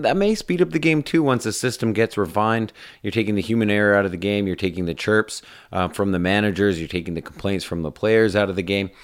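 Canadian guy hosting college radio, chatty and rambly, kinda low smooth voice. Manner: rambling, upbeat, with many fillers. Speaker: radio host. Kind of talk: casual radio show chat.

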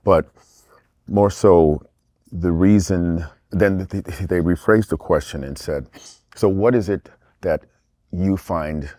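A middle-aged actor from England, speaking as an interview guest in a rambling, animated way with many restarts. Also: male voice, deep voice, slow pace, no echo, studio quality. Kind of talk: casual interview talk.

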